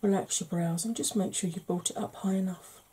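Soft-spoken woman with a husky, mellow voice. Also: mid-range voice, fairly even intonation, a little fast. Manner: soft, chatty, explaining step by step. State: yawning, tired. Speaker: makeup tutorial host. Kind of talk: ASMR makeup tutorial.

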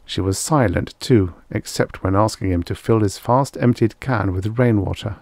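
A man with a lowish voice reads a vintage science fiction story aloud in a measured storytelling manner. The recording is dry and close, with no room sound. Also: vocal fry, a little mellow, dry recording. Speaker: audiobook narrator.

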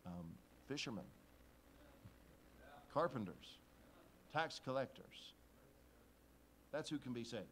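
A man preaching at a conference with lively storytelling, slipping into the voices of the people he quotes. He reads scripture in old-style wording, with a middling pitch and faint ambience behind him. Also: slow, long pauses, a little hiss or hum, low-quality recording. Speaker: pastor. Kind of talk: sermon. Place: church conference hall.

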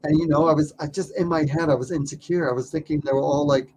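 A man tells a story as an interview guest, his voice sitting a bit high. He stammers and repeats himself as the story builds. A faint hiss lies under the recording. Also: fast talker, hardly any pauses. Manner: animated storyteller who stammers and repeats words. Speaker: documentarian and wildlife filmmaker, interview guest.

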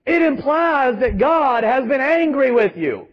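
High-voiced preaching man, lo-fi. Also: expressive, unhurried. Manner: emphatic preaching with rhetorical questions. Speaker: pastor. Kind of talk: sermon.

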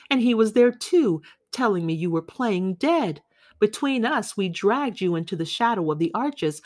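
A woman reading the part of a blunt, scolding townswoman in an audiobook. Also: mid-range voice.

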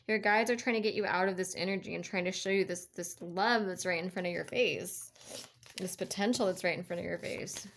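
A woman's voice: on the low side, brisk, creaky, fairly bright tone, a little hiss or hum. A woman giving a casual tarot reading, chatty and encouraging, rambling with lots of fillers and restarts. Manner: chatty and encouraging, laughs between thoughts. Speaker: tarot card reader.

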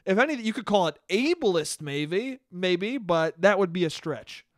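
A young man hosting a solo comedy podcast, talking in a profane, animated rant and laughing at his own jokes. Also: high-pitched, normal speed, no echo, studio quality. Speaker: podcast host.

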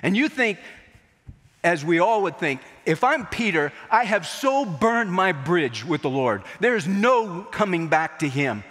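Dramatic preacher in an echoey sanctuary. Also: male voice, sits high, very animated, a little slow, a bit bright. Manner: dramatic storytelling, acting out quotes. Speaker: pastor. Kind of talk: sermon.

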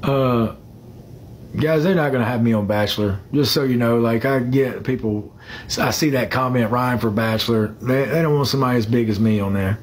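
A man's voice: medium pitch, moderate pace, slightly rough. A man chatting casually on a phone livestream. He rambles, fills the gaps with "uh", and greets viewers by name.

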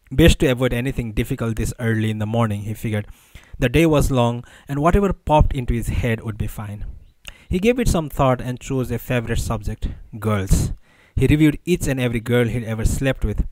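A man reads an audiobook aloud at a middle pitch, with measured, even storytelling. The recording is dry and close, with no room sound. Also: dry recording, poor audio. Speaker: audiobook narrator. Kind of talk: audiobook narration.

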